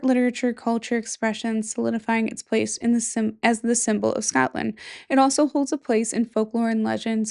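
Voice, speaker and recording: A woman's voice: fairly high pitch, vocal fry, darkish tone. A young woman hosting a solo podcast, chatting casually and rambling, with giggly asides. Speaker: podcast host.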